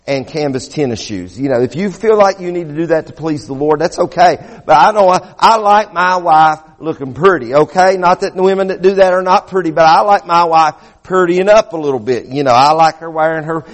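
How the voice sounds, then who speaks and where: A middle-aged man, a pastor, preaching a sermon with slow, emphatic stresses and repeated phrases. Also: a little high. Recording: long hall reverb.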